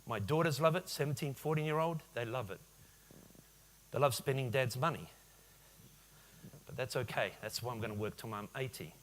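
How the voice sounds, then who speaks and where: A man in his forties giving a lively business keynote at a conference, often firing questions at the audience. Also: medium pitch, moderate pace, long pauses, a little hiss or hum. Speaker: conference speaker. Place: conference hall.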